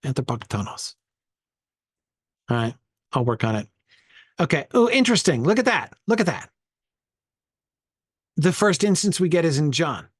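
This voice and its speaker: A man's voice: a little high, very animated, normal speed, long pauses, slightly rough, no echo, clean studio sound. A man leading an informal Bible study, thinking aloud and sounding out Greek words as he goes.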